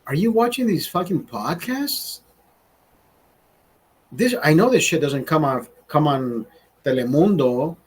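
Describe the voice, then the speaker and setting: A man's voice: on the high side, a little hiss or hum, poor audio. A man hosting a show who rants heatedly, swears constantly, and keeps restarting his sentences. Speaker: host. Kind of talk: casual profane rant.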